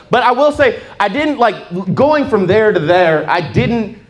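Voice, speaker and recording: A man from Southern California performing a stand-up comedy set, telling stories full of voices and quick asides. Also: a little high.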